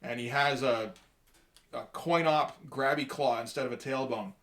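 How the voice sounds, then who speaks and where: A man talks his way through a comic book, one page at a time. He speaks at an ordinary, middling pitch, stopping and restarting often and dropping dry, wry asides as he goes. The delivery is loose and unscripted, like a casual review. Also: fairly bright tone. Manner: rambling, halting, with many fillers and wry asides.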